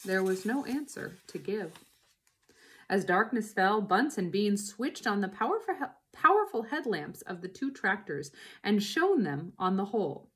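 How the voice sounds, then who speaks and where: A woman reading a children's book aloud, narrating in an expressive way. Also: mid-range voice, measured pace. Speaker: reader.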